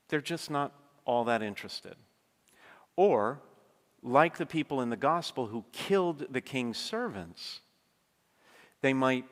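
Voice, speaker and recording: Male preacher, mid-pitched, chatty storytelling sermon style, recorded with long hall reverb. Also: a bit bright. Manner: conversational storytelling, frequent asides to the congregation. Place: large church.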